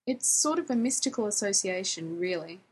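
A woman voicing an embarrassed, excitable young man who rambles on with lots of "like" and "man", in a husky voice. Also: mid-range voice, moderate pace, rough recording. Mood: rambling. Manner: rambling, breathless, full of "like" and "man".

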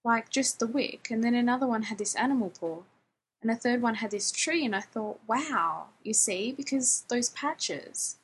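Woman doing a rambling excitable young guy. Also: fairly high pitch, moderate pace, slight background noise, natural voice, low-quality recording. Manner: rambling, breathless, full of "like" and "man".

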